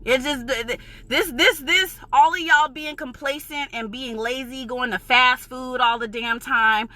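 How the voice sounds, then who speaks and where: A woman's voice: fairly high pitch, steady tone, unhurried, sharp tone, no echo. A woman from New York with a New York accent, ranting in a vlog, heated, emphatic and profane, insisting she is passionate, not angry. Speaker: vlogger.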